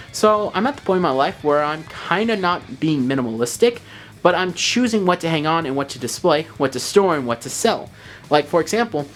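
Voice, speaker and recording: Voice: medium pitch, fairly bright tone. An artist giving a casual tour of a home art studio, talking in an earnest, upbeat way and often repeating themselves. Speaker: artist vlogger. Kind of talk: casual room-tour vlog.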